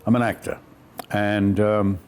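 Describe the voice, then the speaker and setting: An older man, an actor telling stories from his life in an interview with clear, projected speech and frequent self-deprecating laughter. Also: on the low side, flat delivery, unhurried, darkish tone. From Australia. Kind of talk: reflective storytelling interview.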